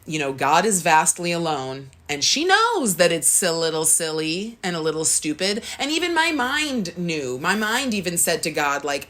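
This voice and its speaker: Low-voiced woman telling a spiritual story. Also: big pitch swings, normal speed, few pauses, a bit bright. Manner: earnest storytelling, acts out her own thoughts in a higher voice. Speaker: podcast co-host. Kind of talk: casual spiritual chat.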